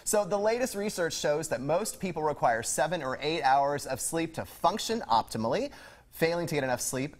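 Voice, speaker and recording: A man's voice: a little high, lively intonation, normal speed. A man co-hosting a live morning TV show in a studio, jet-lagged and joking around between news items. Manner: playful, joking, jumps into silly voices. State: tired from travel.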